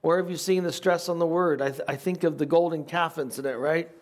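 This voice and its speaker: An older man teaches scripture in a relaxed, conversational way. His voice sits a little higher than most men's. He reads passages aloud and then adds informal asides. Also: a little fast. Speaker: pastor teaching a Bible study. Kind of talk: sermon.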